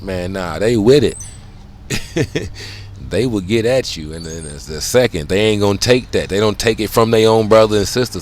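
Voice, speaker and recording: A middle-aged man hosting a casual monologue, loose and conversational, swearing often and checking in with "you know what I'm saying.". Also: lowish voice. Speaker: podcast host.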